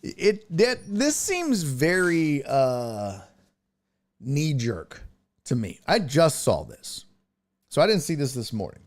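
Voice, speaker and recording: Guy doing a sports talk show, slow and lively, voice jumping all over, reacting to news on the fly. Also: a little high. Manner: animated, thinking aloud, reacting to news as he reads.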